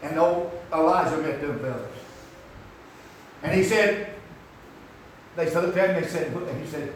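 A man preaching a rambling, folksy sermon that climbs into shouts. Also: fairly high pitch, a little slow, long pauses, a little hiss or hum. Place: church. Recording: echoey hall from far off.

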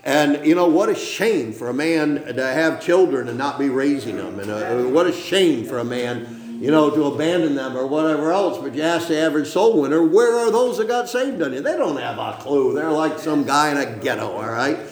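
An older man preaching a sermon, rambling and emphatic, often tagging lines with a quick "okay?". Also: mid-range voice, echoey room. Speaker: pastor. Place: church sanctuary.

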